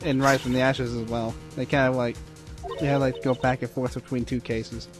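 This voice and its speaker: A man chatting through a game with friends, joking around and reading the dialogue out. His voice is mid-pitched, with faint music in the background. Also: level tone, normal speed. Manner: joking, reads game lines aloud. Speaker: let's play commentator. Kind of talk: casual game commentary.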